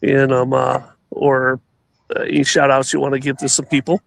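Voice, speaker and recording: A man's voice: mid-range voice, monotone, moderate pace, creaky, no echo. A man telling stories in casual chat on a show, rambling with many restarts and laughs.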